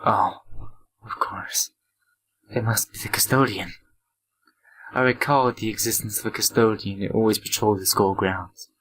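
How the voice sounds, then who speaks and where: A man's voice: on the low side, a little fast, fairly bright tone, slight background noise, rough recording. A half-asleep man hosting a let's play, reading the game's text aloud with asides and stumbling, stuttering delivery.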